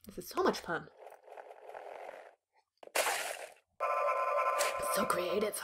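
A young woman giving loud, profane, jokey commentary while playing a video game. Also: on the low side, very animated, slow, very noisy. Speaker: gameplay streamer. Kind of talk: let's play commentary.

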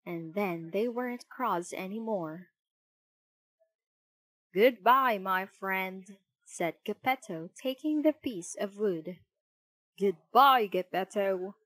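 A woman narrating a children's storybook in a clear, measured reading. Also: medium pitch, dry recording, rough recording.

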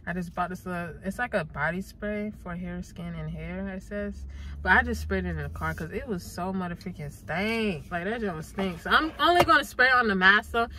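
A woman's voice: on the low side, moderate pace, noisy background. A young adult woman talking casually and playfully to her viewers in a vlog, with lots of slang and swearing. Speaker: YouTuber.

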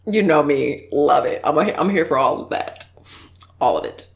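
A woman's voice: low-pitched, animated, moderate pace. A woman mukbang YouTuber chatting casually and effusively while reacting to video clips, laughing often.

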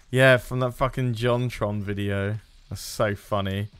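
A man's voice: fairly low pitch, fairly even intonation, slow, fairly bright tone, smooth. A man streaming a video game, giving casual commentary as he plays, muttering to himself and swearing at the game.

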